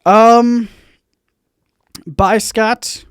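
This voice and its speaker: A man hosting a casual livestream Q&A, rambling and halting, full of fillers and restarts, with his volume bouncing up and down. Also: sits high, lively intonation, no room sound, studio quality. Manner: swings in loudness, bouncy. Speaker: YouTube channel host.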